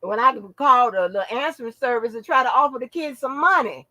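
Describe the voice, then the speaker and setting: A woman's voice: a little high, expressive, quick pace, sharp tone, dry recording, rough recording. A middle-aged woman hosting her own channel, chatting casually to viewers in a brash, profane, laughing way and calling them baby and honey. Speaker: channel host.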